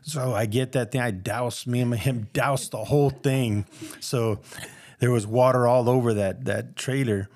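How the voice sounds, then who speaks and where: A man's voice: medium pitch, steady tone, a little slow, a little mellow, no echo, studio quality. A man sharing his personal testimony in a casual, earnest, rambling way, acting out the voices of people he quotes.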